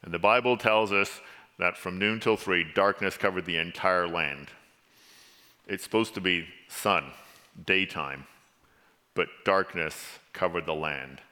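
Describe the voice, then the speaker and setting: A man born in England preaching a sermon with dramatic storytelling, rising to pleading and sinking to a somber hush. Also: low voice, slow pace. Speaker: pastor. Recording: long hall reverb.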